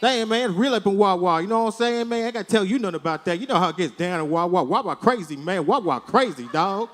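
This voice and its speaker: Guy putting on a swaggering slangy young clerk, keeps saying man, fairly high voice. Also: animated, quick pace, a bit bright. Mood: laid-back. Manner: slangy, tacks "man" onto every line.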